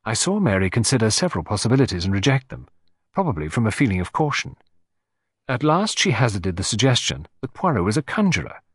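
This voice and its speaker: Man narrating an audiobook, lively intonation, dry close recording. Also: medium pitch, quick pace, slightly rough, no echo. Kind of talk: scripted narration.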